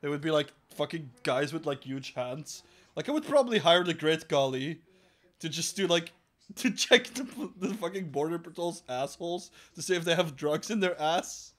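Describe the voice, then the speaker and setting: Man, podcast host, crude chat, lots of swearing and laughter, fairly high voice. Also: animated, moderate pace. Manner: profane, laughing, mocking quoted voices.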